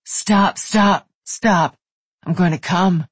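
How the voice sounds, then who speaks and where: An audiobook narrator voicing a rugged, lustful young man who speaks in low murmurs and breathless, urgent bursts. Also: fairly even intonation, unhurried, creaky, slightly rough, no room sound.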